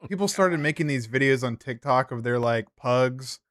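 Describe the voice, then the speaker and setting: Giggly young radio co-host, dry sound. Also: male voice, mid-range voice, normal speed, fairly bright tone, no echo. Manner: laughing, explains casually with lots of "like". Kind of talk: casual talk radio.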